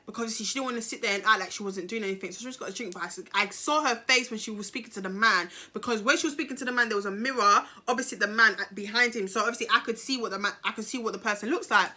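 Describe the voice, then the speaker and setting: Girl doing a storytime vlog, super bright voice, bit high, lots of slang. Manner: animated, slangy, acts out the people in her story. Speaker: vlogger.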